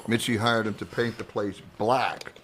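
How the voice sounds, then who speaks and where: Bright-voiced older man telling stories. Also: on the low side, moderate pace, a little hiss or hum. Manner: animated anecdote teller who acts out quoted voices. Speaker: comedian guest. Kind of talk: casual storytelling chat.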